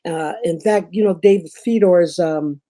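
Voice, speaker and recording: Chatty Southern woman with a mellow voice. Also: fairly low pitch, measured pace. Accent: Memphis Southern. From Memphis, Tennessee. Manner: chatty storyteller, many fillers and asides. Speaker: guest, performer. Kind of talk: casual conversation.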